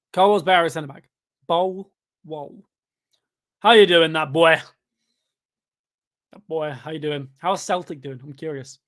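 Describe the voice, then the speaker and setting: A young man, pitched a little above most men, talks through a live football stream while reading chat aloud. He sounds tired and rambles casually, then breaks into excited shouts whenever the match heats up. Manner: chatty, bursts of excitement at the game.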